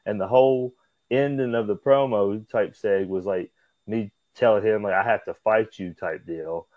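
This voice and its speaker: A man with a low, mellow voice, spinning backstage stories for an interviewer. He talks loosely and animatedly, and his voice jumps up whenever he acts out a line someone said. The sound is dry and close, with no room echo. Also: normal speed. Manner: animated, acts out quotes in raised voice, swears, says "brother" and "man". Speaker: interview guest, pro wrestler. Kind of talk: casual storytelling interview.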